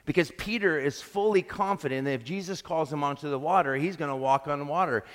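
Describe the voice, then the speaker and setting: A man's voice: fairly high pitch, fairly quick, fairly bright tone. A man preaching a sermon as pastor, earnest and reflective, often restarting his sentences. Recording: long reverb of a large hall.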